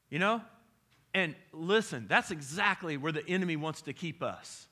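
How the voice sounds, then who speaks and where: Pastor guy preaching, chatty and animated, bright ringing voice. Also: a little high, moderate pace. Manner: animated, conversational preaching with rising emphasis. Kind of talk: sermon.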